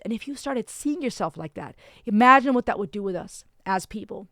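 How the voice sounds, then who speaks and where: A woman's voice: on the high side, big pitch swings, a little fast, a bit bright, dry recording, studio quality. A woman giving casual, effusive reaction commentary as a vlogger, emphatic and full of restarts.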